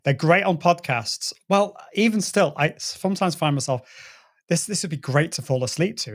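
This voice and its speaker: A man's voice: on the high side, lively intonation, moderate pace, husky. A middle-aged man, a guest on an interview show, explaining voice and presenting technique and demonstrating sounds as he goes. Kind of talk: conversational interview.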